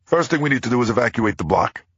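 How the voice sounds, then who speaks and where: A man's voice: medium pitch, expressive, quick pace, a bit bright, husky, no room sound, muffled recording, pitched above the performer's own voice. A man voicing an urgent male bomb technician giving a warning.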